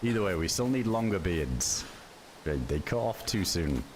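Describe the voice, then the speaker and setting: A man with a low, deep voice talks loosely through a survival game livestream, reacting to viewers and cursing offhand. There is a steady hiss of background noise under his voice. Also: normal speed. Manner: relaxed, chatty, swears casually, reacts to chat. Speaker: game streamer. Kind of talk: casual livestream commentary.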